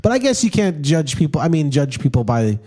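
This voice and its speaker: A man's voice: a little high, fairly quick. A man co-hosting a comedy podcast, rambling in casual chat with lots of restarts. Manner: rambling, animated, with many restarts and laughs. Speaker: podcast co-host.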